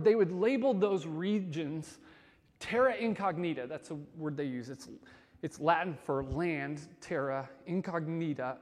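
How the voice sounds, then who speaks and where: A man giving a sermon as a pastor, conversational and casual, swinging between loud emphasis and soft, quiet stretches. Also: sits high, long reverb tail.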